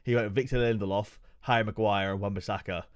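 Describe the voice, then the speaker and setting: A man's voice: fairly low pitch, fairly even intonation, quick pace. A young man streaming live, chatting casually with his viewers and joking with plenty of swearing. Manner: profane, joking banter with chat. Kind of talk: casual livestream chat.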